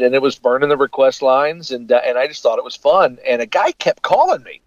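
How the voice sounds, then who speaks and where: A man's voice: medium pitch, brisk, few pauses, no echo, dull audio. A middle-aged man, a radio host and voice actor, telling stories in a casual interview and acting out the voices of the people in them. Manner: animated, acts out voices in his anecdotes.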